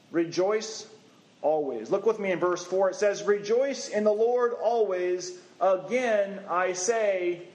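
A man preaching a sermon in a conversational, halting way, rising in pitch when he stresses a point. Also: roomy sound, rough recording.

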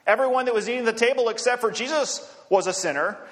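A man's voice: very high-pitched, quick pace, fairly bright tone. A man preaching a sermon in a conversational way, with asides and light chuckles. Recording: long hall reverb.

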